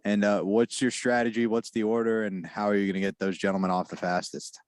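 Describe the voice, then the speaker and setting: A man co-hosting a crude comedy podcast, setting up bits in a deadpan way. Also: lowish voice, a little fast, no echo, clean studio sound. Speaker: podcast co-host.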